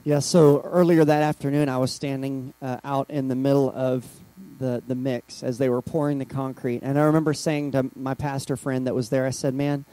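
A middle-aged man pastor telling a church story in a sermon, excitable with halting restarts. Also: medium pitch, no room sound, poor audio.

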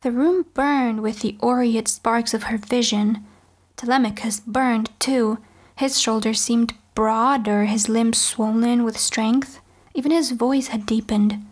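A woman reading a novel aloud as an audiobook, in measured first-person storytelling. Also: fairly high pitch, steady tone. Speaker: audiobook reader. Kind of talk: audiobook narration.

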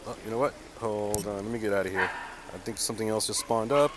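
A man's voice: lowish voice, quick pace, very noisy. A young man live-streaming a mobile game outdoors on a city street, chatting to viewers in a hyped, slangy way and calling everyone dude and man.

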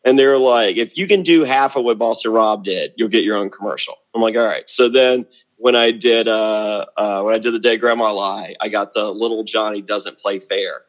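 A middle-aged man, a guest in a casual interview, telling brash, rambling stories full of restarts and quick asides. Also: fairly low pitch. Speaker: guest, former reality show contestant.

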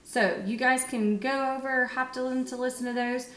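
Young woman teacher, fairly high voice, unhurried encouraging phonics lesson, roomy echo. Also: steady tone, a bit bright. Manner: slow, encouraging, sounds words out with pauses. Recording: echoey room.

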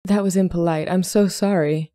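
A woman's voice: fairly low pitch, steady tone, normal speed, warm tone, dry recording, lightly acted. A woman voicing an impulsive, bubbly young lady of the Regency era, speaking eagerly.

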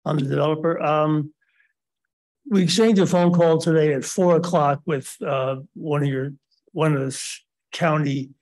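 A man speaking as a developer at a public meeting, hesitant and apologetic, full of pauses and fillers. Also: fairly high pitch, darkish tone. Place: county meeting room.

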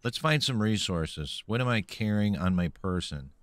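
This man, a bit caffeinated, streams a video game and playfully narrates to himself while taunting the enemies he runs into. His lowish voice is animated and a bit bright, at normal speed with no echo.

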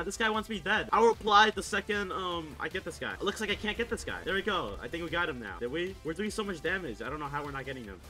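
A man hosting a gaming video, giving excitable, laughing, exclamatory gameplay commentary. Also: a little high, fast, hardly any pauses, faint music behind.

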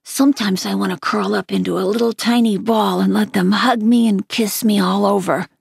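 A woman reading a children's novel aloud in a steady storytelling manner. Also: mid-range voice, moderate pace, gravelly, slightly rough, dry recording, studio quality. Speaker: reader.

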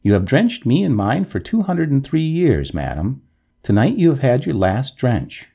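A man playing a courteously cruel gentleman. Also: mid-range voice, sing-song, moderate pace, creaky, breathy edge, voice pushed up, heavily acted. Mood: coldly triumphant. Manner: polite, firm, dryly mocking. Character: courteous, coolly triumphant gentleman heir. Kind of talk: storybook reading.

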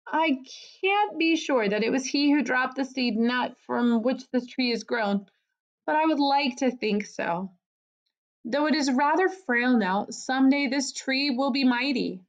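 A woman's voice: high voice, unhurried, pitched above the performer's own voice. A woman voicing a brave, earnest young female mouse in a storybook, solemn and earnest, on a dull lo-fi recording.

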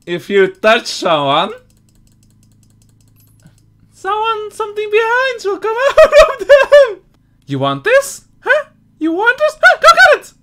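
A woman playing a video game with commentary, loud and giggly, shouting and laughing often. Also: very high-pitched, wildly swooping pitch, slow pace, pauses often. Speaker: gamer.

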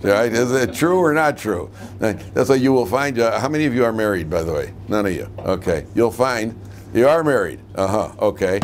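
A man's voice: on the low side, lively intonation, normal speed, slight background noise. A middle-aged man, a rabbi, giving a humorous lecture to a class of students and tossing questions at them. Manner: joking, asks the class questions.

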